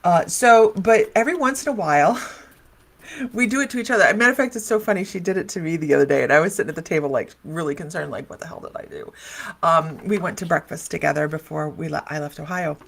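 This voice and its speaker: Middle-aged lady rambling on a live stream, lowish gravelly voice, laughs a lot. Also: quick pace. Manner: chatty, laughing often, wandering asides. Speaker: psychic medium and live show host. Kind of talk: casual livestream chat.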